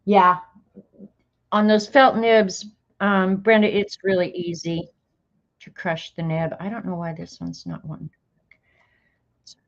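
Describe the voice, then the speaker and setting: A woman's voice: lowish voice, little pitch movement, a little slow, vocal fry, long pauses. Chatty woman drawing on a lo-fi stream. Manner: chatty, talks to herself while working. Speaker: art livestream host. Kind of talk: casual chat while drawing. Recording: dull lo-fi stream audio.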